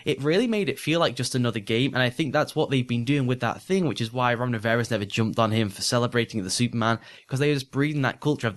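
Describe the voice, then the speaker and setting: A man's voice: medium pitch, fast. A man co-hosting a sports podcast, breaking down games in fluent, analytical casual chat with frequent restarts. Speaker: podcast co-host.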